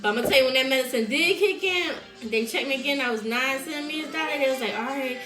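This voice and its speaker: A woman's voice: sits high, rapid-fire, echoey room, music in the background. A woman telling a story in a casual chat, laughing often and acting out what people said. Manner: animated, laughs often, acts out quotes. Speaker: host.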